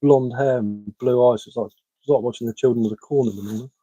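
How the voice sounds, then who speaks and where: Streamer, casual joke-teller, mid-pitched, dry close sound, chuckles at own gags. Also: male voice, steady tone, a little fast, mellow, husky, no echo, lo-fi sound. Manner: chuckles at his own dad jokes. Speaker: bushcraft live-streamer. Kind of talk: casual live-stream chat telling jokes. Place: living room at home.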